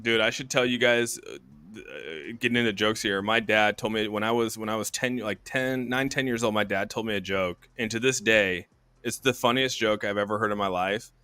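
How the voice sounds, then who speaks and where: A man's voice: on the low side, normal speed, sharp tone, smooth, dry recording. Casual male co-host, thirties, rambling storyteller, curses freely. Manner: rambling storyteller, swears often. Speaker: podcast co-host. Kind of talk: casual chat.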